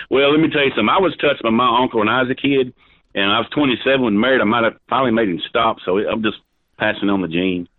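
A man, rambling loudly and crudely on a phone call and cackling between lines. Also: medium pitch, quick pace, no room sound. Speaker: prank call target. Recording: tinny dry phone line.

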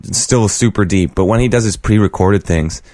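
A man with a very deep voice, co-hosting a casual podcast chat and teasing over-excited online personalities. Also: normal speed, no echo. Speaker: podcast co-host.

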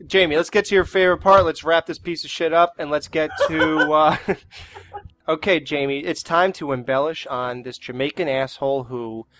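A man's voice: fairly high pitch, steady tone, moderate pace, a bit bright. A man co-hosting a podcast, joking sarcastically about a movie and swearing freely. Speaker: podcast co-host. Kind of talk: casual movie review chat.

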